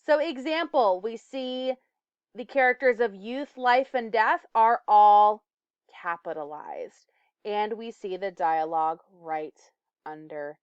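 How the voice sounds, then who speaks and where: A woman's voice: medium pitch, takes it slowly, clear, resonant tone, no room sound, lo-fi sound. A woman teacher giving a recorded lesson. She explains step by step and sometimes stumbles or corrects herself. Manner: self-correcting, occasional stumbles and fillers.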